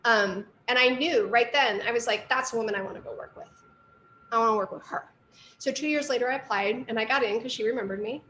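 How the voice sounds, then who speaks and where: A woman's voice: a little high, brisk, fairly bright tone, echoey room, a little hiss or hum. A middle-aged woman, an artist and art teacher, giving a casual lecture with lots of asides and fillers. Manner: chatty storytelling with fillers and asides.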